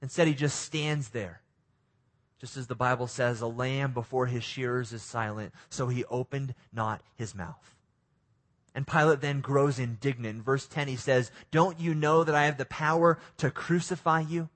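A man preaching a sermon, reading scripture in a calm, measured way and then putting lively questions to his congregation. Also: mid-range voice. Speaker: pastor.

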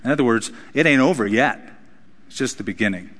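A man's voice: medium pitch, fairly quick. Preaching man in a reverberant hall. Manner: expressive preaching, voice rising on emphatic lines. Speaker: pastor. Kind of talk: sermon.

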